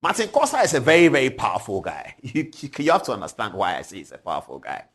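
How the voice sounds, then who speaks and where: A man in his forties with a Ghanaian English accent, hosting a TV show, telling stories with animated energy and frequent chuckles. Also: medium pitch, fast talker, slightly rough. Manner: animated, chuckling, swings from loud to hushed. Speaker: TV show host. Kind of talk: lively commentary and storytelling. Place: TV studio.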